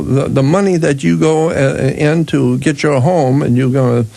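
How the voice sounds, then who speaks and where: A man's voice: a little high, creaky, warm tone. An older man holds forth on a radio talk show, pressing his points with emphatic repetition. He often stalls and restarts mid-sentence before pushing on.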